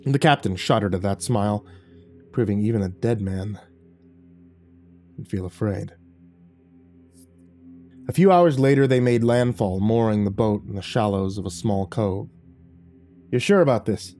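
A man giving scripted narration of a horror story with measured, dramatic storytelling. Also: lowish voice, mellow, soft background music.

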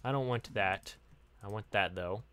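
A man giving casual Let's Play commentary to his viewers, excitable, exclaiming and laughing often. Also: lowish voice, measured pace, slight background noise. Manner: talks directly to viewers. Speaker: gaming YouTuber.

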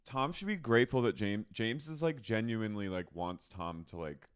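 A man's voice: fairly low pitch, moderate pace, smooth. A young adult man co-hosting a podcast, casually gossiping about a reality show and slipping into playful mocking voices. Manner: playful, slips into loud mocking impressions. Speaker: podcast co-host.

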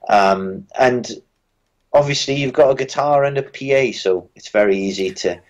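A British musician guest in a casual interview, telling dry, wry anecdotes with frequent restarts. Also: male voice, mid-range voice, moderate pace, lo-fi sound. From Britain.

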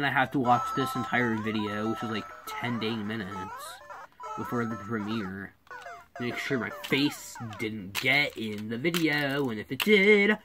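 A woman giving casual commentary while playing a video game, muttering, repeating herself and scolding the game when it goes wrong. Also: low-pitched. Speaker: gaming YouTuber. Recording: game music behind the voice.

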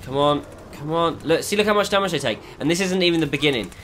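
Playing a shooter game, an exasperated man curses his way through frustrated commentary. His voice is on the high side, expressive and fairly bright, he talks at a quick pace, and there's slight background noise.

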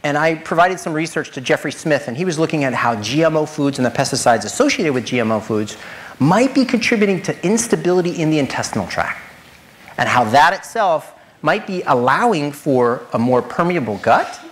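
Animated male nutrition lecturer. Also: fairly high pitch, a little fast, a little hiss or hum. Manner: animated, rhetorical questions, addresses audience directly. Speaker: nutritionist presenter. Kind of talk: lecture presentation.

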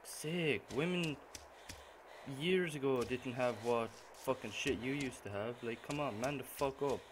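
A young man giving profane gameplay commentary, muttering to himself and then suddenly yelling. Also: mid-range voice, a little slow. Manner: swears constantly, muttering that bursts into sudden yells. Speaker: gaming channel host. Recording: noisy gameplay recording.

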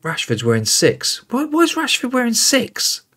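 A man's voice: very high-pitched, wildly swooping pitch, moderate pace, pushed and bright, husky. A man hosting a football management game, calling out player names and reacting with exasperation as play unfolds. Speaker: gaming host. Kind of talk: casual game commentary.

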